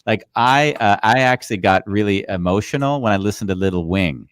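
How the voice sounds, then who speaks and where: Chatty low-voiced male host. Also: a little fast, clear, resonant tone, dry recording, clean studio sound. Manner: chatty, rambling, many fillers. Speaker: podcast host. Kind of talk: live casual interview.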